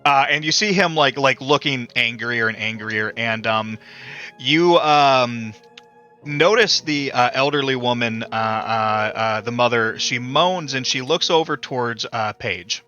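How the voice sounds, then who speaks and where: A man narrates a tabletop horror game as its game master, stopping often on filler words. His voice is bright and forward. The mic sounds dull and lo-fi, with faint music playing underneath. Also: mid-range voice. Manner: halting, many filler words.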